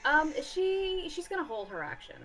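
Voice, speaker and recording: A woman's voice: high voice, very animated, normal speed, pushed and bright, soft background music. A woman playing a tabletop game, talking hesitantly with many restarts. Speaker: player.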